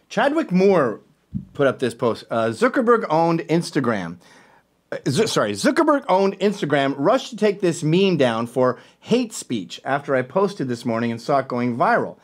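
A man hosting a talk show, commenting casually and sarcastically on tweets and clips. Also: fairly high pitch. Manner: animated, sarcastic asides. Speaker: show host.

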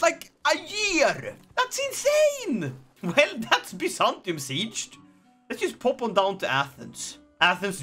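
A man giving jokey, excitable gameplay commentary, breaking into sudden shouted outbursts. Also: high-pitched. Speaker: gaming video creator.

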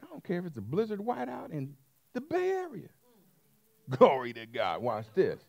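Male pastor, sermon delivery, lively swooping pitch, slightly high voice, punches key words with repetition. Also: moderate pace, vocal fry. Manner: emphatic preaching, repeating phrases, calling out to the congregation.

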